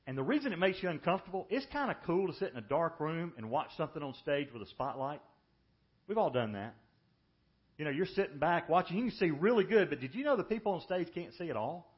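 Male pastor, higher-pitched voice, emphatic sermon delivery with hushed drops, muffled recording. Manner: emphatic preaching, drops to hushed, slow lines for weight. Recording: dull lo-fi sermon audio.

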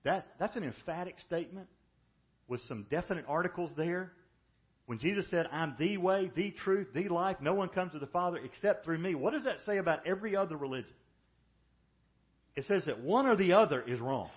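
A man preaching a sermon as pastor, emphatic, often dropping to a hushed, slow delivery for weight. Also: high-pitched, lively intonation. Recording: dull lo-fi sermon audio.

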